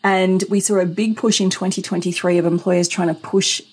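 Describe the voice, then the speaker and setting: A woman's voice: fairly low pitch, flat delivery, moderate pace, slightly rough. A middle-aged woman hosting a solo business podcast, talking in an emphatic, conversational way with rhetorical questions. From Australia. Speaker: podcast host.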